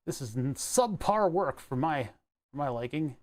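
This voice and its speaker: Young male hobbyist, slightly high voice, rambling and self-talking as he works. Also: expressive, moderate pace. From Delaware County area, Pennsylvania. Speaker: electronics hobbyist vlogger. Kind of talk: casual talk while working.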